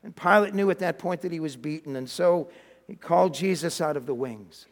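High-voiced man preaching in a reverberant hall. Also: brisk. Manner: dramatic storytelling with acted quotes, frequent restarts. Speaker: pastor. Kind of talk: sermon retelling a Bible story.

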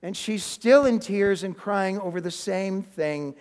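A man preaching a sermon, telling a story with animated swings and dropping almost to a whisper for emphasis, with a chuckle and some restarts. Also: sits high, unhurried. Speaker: pastor. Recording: long hall reverb.

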